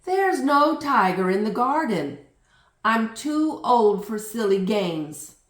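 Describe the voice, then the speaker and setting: A woman's voice: on the high side, sing-song, takes it slowly, recorded from a distance, voice pushed up. A woman voicing a stubborn, skeptical little girl who talks in an insistent, exasperated way. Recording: roomy echo.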